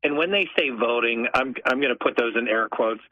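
A man's voice: mid-range voice, fairly quick, bright, forceful tone. A man from Pennsylvania calling into a radio show, apologetic and a bit hesitant as he passes on news. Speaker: caller. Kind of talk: call-in radio conversation. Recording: tinny phone line.

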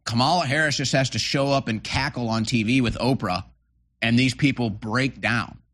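A man's voice: mid-range voice, normal speed, fairly bright tone. A man hosting political commentary, reacting to clips in a sarcastic, mocking way. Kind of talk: opinionated commentary over clips.

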